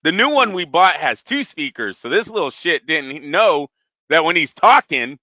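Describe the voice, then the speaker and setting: A man in his thirties telling animated stories in casual chat, swearing heavily. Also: fairly high pitch, moderate pace, no echo, muffled recording. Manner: animated storytelling, heavy swearing. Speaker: podcast co-host.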